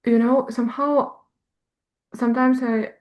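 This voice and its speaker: A woman's voice: on the high side, fairly even intonation, unhurried, a little mellow. A woman student reading words aloud in a lesson, hesitant and sounding them out.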